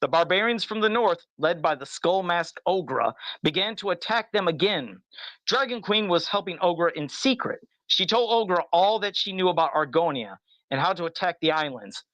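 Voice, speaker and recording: A man's voice: high voice, animated, moderate pace, fairly bright tone, no echo, poor audio. A man co-hosting a podcast, reading a storybook aloud in a casual way and chuckling as he goes. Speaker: podcast co-host.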